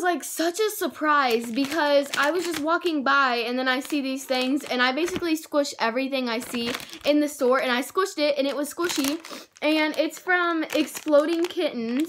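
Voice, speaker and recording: A teenage girl casually unboxing squishy toys, gushing and excitable, rambling with many fillers. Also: high voice, background noise. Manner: gushing and excitable, with gasps and squeals; rambling, with many likes and self-corrections. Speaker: squishy toy haul vlogger.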